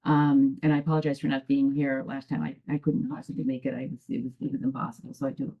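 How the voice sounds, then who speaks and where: Low, hesitant woman testifying at a meeting. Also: flat delivery, quick pace. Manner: hesitant, rambling retelling full of restarts. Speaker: resident addressing a town commission. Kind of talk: public testimony at a town meeting. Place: town meeting room. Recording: dull lo-fi public access broadcast.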